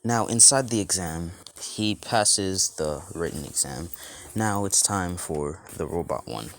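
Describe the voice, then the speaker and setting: Deep-voiced man rambling through a fan story. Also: expressive, measured pace, a bit bright, a little hiss or hum. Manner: rambling, loose, filler-heavy telling. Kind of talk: casual fan-fiction narration.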